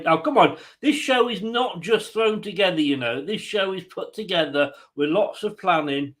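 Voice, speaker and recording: A man's voice: high voice, expressive, normal speed, few pauses, fairly bright tone, rough recording. An English man hosting a football watchalong stream, chatting casually, joking and greeting viewers by name. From England. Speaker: host of a football watchalong livestream. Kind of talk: casual chat reading viewers' comments.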